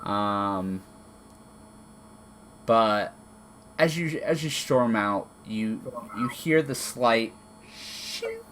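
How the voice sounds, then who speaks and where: A man narrating as game master of a tabletop game, relaxed, with many fillers and restarts. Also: fairly low pitch, very slow, pauses often, slight background noise. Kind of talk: narrating a tabletop game over an online call.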